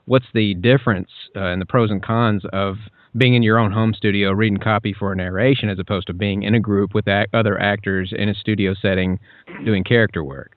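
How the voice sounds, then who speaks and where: A man's voice: lowish voice, steady tone, fairly quick, no room sound. A man hosting a phone interview, eager and fan-like toward his guest. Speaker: interviewer, host. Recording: tinny phone line.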